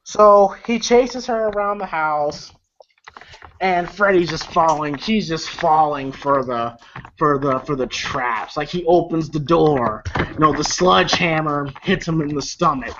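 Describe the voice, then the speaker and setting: A man's voice: on the high side, a little slow, fairly bright tone. Rambling man recapping a movie, lo-fi. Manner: rambling, loose, with many fillers, swearing and chuckles. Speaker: movie reviewer. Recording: lo-fi with faint noise.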